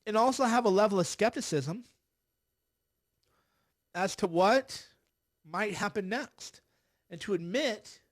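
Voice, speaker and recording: A middle-aged man hosting a political commentary livestream, sarcastic and exasperated, sighing often and mocking people. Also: sits high. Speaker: livestream host.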